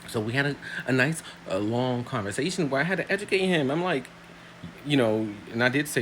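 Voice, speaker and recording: Man, casual storytelling, animated and emphatic, mid-pitched voice, faint noise behind. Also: quick pace. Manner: animated, emphatic, swings from low asides to loud high outbursts. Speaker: vlogger.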